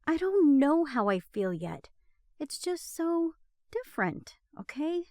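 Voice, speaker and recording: A woman's voice: high-pitched, very animated, slow pace, dark tone, no echo, studio quality, pitched above the performer's own voice, exaggerated voice. A woman voicing a teasing young adult who has just transformed into a man, playful and then pleading. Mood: exasperated.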